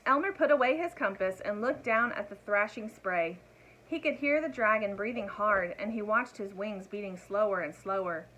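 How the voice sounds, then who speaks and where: A woman reading a picture book aloud to children in an expressive voice, turning to her young listeners with asides. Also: mid-range voice, normal speed, rough recording. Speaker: storyteller.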